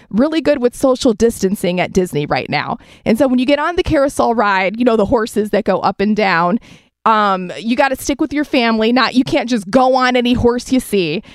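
A woman's voice: a little high, dry recording, studio quality. A woman co-hosting a morning radio show, chatty and emotional as she shares an inspirational story. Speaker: radio co-host.

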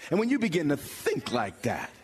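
A pastor preaching a sermon, building from explanation to bold, emphatic calls with dramatic pauses. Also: male voice, on the high side, huge pitch swings. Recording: long hall reverb.

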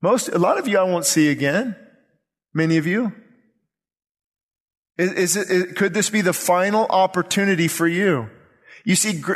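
A man's voice: high-pitched, moderate pace, pauses often. A male pastor preaching a sermon with urgent, impassioned delivery and repeated phrases. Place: church sanctuary. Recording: long reverb of a church hall.

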